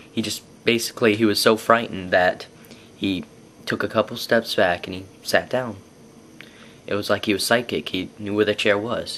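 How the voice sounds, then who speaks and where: A man's voice: on the low side, fairly bright tone, a little hiss or hum. A young man telling personal stories to camera in a rambling, casual way. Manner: rambling, lots of fillers and restarts. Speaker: vlogger.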